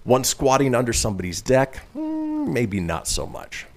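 A man's voice: medium pitch, wildly swooping pitch, moderate pace, creaky. A man hosting a casual radio talk show, reading news stories aloud and adding chatty asides. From northern Nevada, US.

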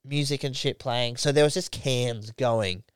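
A man's voice: medium pitch, a little slow, clear, resonant tone, no echo, clean studio sound. A young man co-hosting a podcast, telling a story in laid-back, heavily sworn casual banter. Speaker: podcast co-host.

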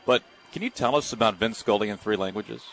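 A man's voice: lowish voice, brisk, fairly bright tone, a little hiss or hum, rough recording. A man interviewing a guest, asking questions and giving short replies. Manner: brief attentive replies.

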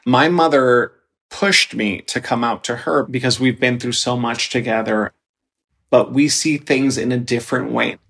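A man in his forties telling a personal family story in a candid, expressive way. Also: mid-range voice. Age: 40s. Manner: candid, expressive, animated when quoting himself. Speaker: guest storyteller.

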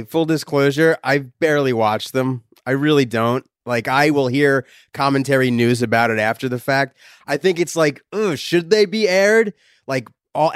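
A man's voice: medium pitch, no room sound, studio quality. A man as a comedian guest on a podcast, laid-back and talkative, laughing often. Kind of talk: casual comedic chat.

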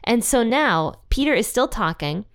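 A woman's voice: a little high, animated, moderate pace, no room sound, studio quality. A young adult woman hosting a casual Bible teaching podcast, chatty and thinking aloud with fillers and guesses.

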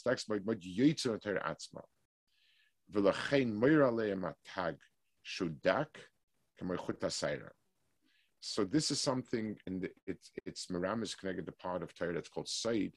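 A man teaching a weekly Torah class, explaining slowly with restarts and reading passages of Hebrew text quickly. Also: on the low side, breathy edge, no room sound.

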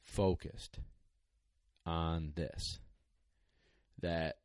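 Man, young adult, low deep voice, dry close sound, casual podcast storytelling, rambling, tearful. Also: drawn-out words, smooth, dry recording. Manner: rambling, excited, many fillers. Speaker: dog trainer telling a story.

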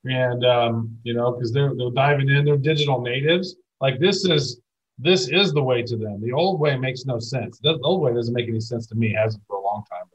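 Husky middle-aged male podcast co-host. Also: medium pitch, moderate pace, lo-fi sound. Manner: rambling, enthusiastic, swears playfully. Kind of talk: casual podcast chat.

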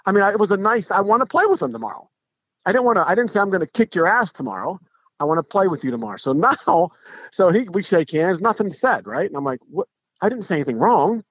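A middle-aged man, a podcast guest, telling stories in a casual, animated way, with frequent restarts and acted-out quotes. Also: sits high, quick pace, no room sound. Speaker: podcast guest, pro golfer. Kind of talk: casual storytelling. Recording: dull lo-fi podcast audio.

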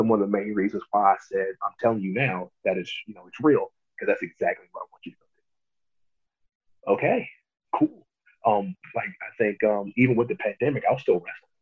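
A young man with a low, husky voice tells his story in a relaxed interview, laughing often and acting out what others said. The sound comes through a thin, phone-like line. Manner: animated, laughs often, acts out quotes. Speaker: pro wrestler guest.

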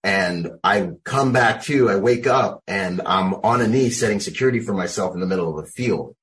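A man's voice: sits low, moderate pace, a bit bright, low-quality recording. A military veteran, a man, recounting his experiences in loose, casual storytelling full of "like.".

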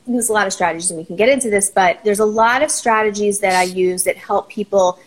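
Woman therapist explaining calmly. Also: mid-range voice, quick pace, low-quality recording. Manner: explanatory, steady, teaching tone. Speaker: therapist guest. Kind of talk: conversational explanation.

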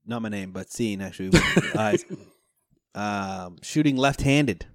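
A man co-hosting a casual sports podcast, telling animated stories and swearing often. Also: fairly low pitch, measured pace, dry recording, studio quality. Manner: animated storytelling with profanity. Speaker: podcast co-host.

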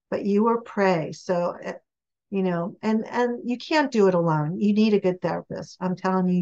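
Guesting on a podcast interview, this relationship expert and author spins her stories with emphasis and animation. She speaks at a medium pitch over lo-fi audio.

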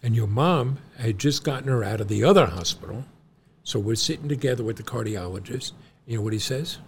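Speaking a little fast at medium pitch, with slight noise behind him, a middle-aged man relates a long family story to his son. He is John's father and a podcast co-host, and he tells it with animation, acting out the people involved, including the doctors he quotes.

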